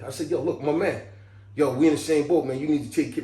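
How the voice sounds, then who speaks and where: A man vlogging an animated personal story, laughing and jumping into loud, excited outbursts when quoting himself. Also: a little high, quick pace. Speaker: video creator telling a personal story. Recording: roomy echo, from off the mic.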